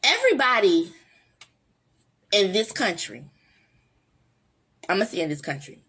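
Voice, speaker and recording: A woman hosts her own vlog, delivering a casual, heartfelt monologue that rambles earnestly, full of fillers and restarts. Her medium-pitched voice has a sing-song lilt and is a bit bright with a husky edge, and she speaks at a measured pace.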